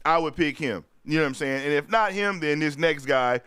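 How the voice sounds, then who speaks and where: A man hosting a live-stream sports talk show, chatting loosely in slang, reading viewer comments aloud and shouting out viewers. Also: a little high, fairly quick, clean tone. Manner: loose slang-heavy chat, repeats "you know what I'm saying".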